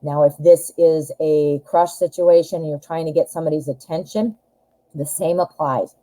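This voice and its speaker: A woman's voice: sits low, steady tone, normal speed, mellow, poor audio. A woman giving a casual pick-a-card tarot reading, chatting and advising the viewer directly with frequent fillers. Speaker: tarot reader.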